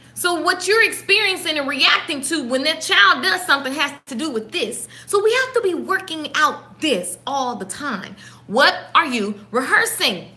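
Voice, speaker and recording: A woman hosting a casual inspirational talk to live viewers, speaking colloquially and directly to them, repeating her questions and dropping into soft asides. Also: high-pitched. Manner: colloquial, addresses listeners directly. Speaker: host of a daily spiritual live talk.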